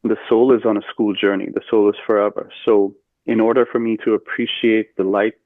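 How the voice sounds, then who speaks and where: A man telling a personal story as a podcast guest, earnest and steady with fillers. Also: fairly low pitch, a little fast, no echo. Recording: tinny phone-like line, dry.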